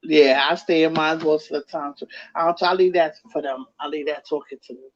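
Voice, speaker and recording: A woman chatting casually with a friend about her kids, lively and quick to laugh. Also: sits low, lo-fi sound. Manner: lively, laughs often, mimics her kids' voices. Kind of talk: casual chat.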